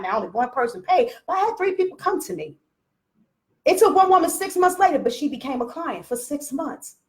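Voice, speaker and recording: A woman business coach talking straight to her followers in a blunt, profane, preachy rant. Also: sits high. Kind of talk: unscripted live rant to followers.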